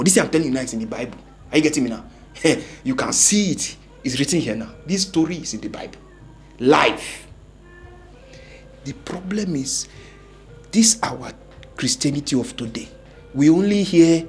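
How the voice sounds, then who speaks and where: A man's voice: a little high, expressive, moderate pace, soft background music. A man telling a comic church story with a sermon message, laughing often and acting out quoted voices.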